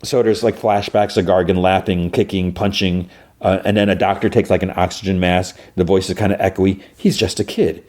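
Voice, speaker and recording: A man's voice: low-pitched, steady tone, a little fast, darkish tone. A man hosting a podcast, casually recapping an episode in a rambling way with lots of fillers. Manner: rambling, full of fillers and restarts. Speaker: podcast host.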